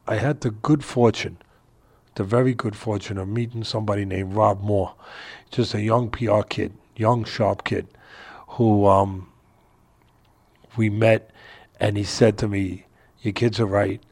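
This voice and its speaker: An older man, a boxing trainer, telling a story in a casual interview from his home, animated and laughing as he talks. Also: on the low side, measured pace, pauses often. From New York area.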